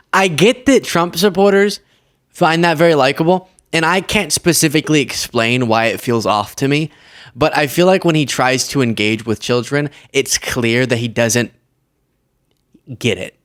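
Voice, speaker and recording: A man's voice: on the high side, normal speed, fairly bright tone, dry recording, clean studio sound. A man hosting a political commentary show, talking casually and sarcastically and often laughing.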